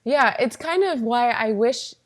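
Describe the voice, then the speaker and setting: A woman's voice: on the high side, lively intonation, a little slow. A woman from northeast Florida hosting a casual podcast interview in an upbeat, chatty way. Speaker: podcast host.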